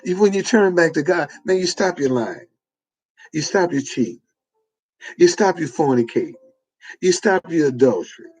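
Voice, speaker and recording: A man's voice: a little high, lively intonation, moderate pace, long pauses, a little mellow. A man, delivering an informal preaching monologue with repetitive, emphatic phrasing. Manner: repetitive, emphatic, folksy street-preacher cadence. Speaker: online preacher.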